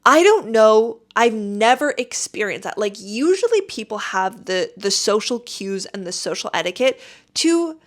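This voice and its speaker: Animated woman telling a story. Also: on the high side, unhurried. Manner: animated, emphatic, exasperated retelling. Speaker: podcast host. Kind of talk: casual storytelling.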